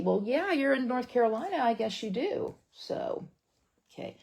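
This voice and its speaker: A woman's voice: a little high, very animated, normal speed, vocal fry, darkish tone, husky. A woman demonstrating a papercraft project in a casual, folksy tutorial livestream, chatting straight to her viewers.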